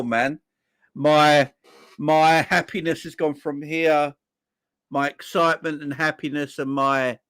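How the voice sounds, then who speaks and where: A man's voice: on the high side, no echo. Fed up young guy ranting on a live stream, swears a lot, dry close mic. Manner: swearing, exasperated, loud swings in volume. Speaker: football fan channel host. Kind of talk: casual live-stream rant.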